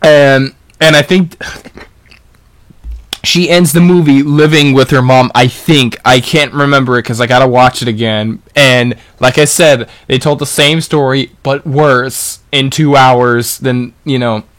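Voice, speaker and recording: A young man in casual chat as a podcast co-host, rambling and animated, restarting sentences as he retells scenes. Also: mid-range voice, a little slow. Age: young adult.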